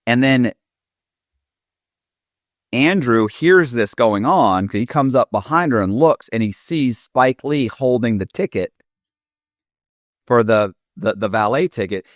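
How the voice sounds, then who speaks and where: A man's voice: mid-range voice, animated, unhurried, long pauses, no echo, studio quality. A man telling a rambling story in casual podcast talk, with many fillers and restarts. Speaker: podcast guest.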